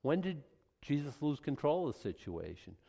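A man preaching a sermon, acting out little scenes and swinging between loud outbursts and hushed asides. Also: on the high side, very animated, moderate pace, creaky. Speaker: pastor.

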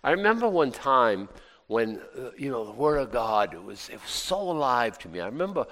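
A man's voice: medium pitch, sing-song, normal speed, a bit bright. A man preaching a conversational sermon in a folksy, rambling way, full of asides and restarts. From United States. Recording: long reverb of a hall.

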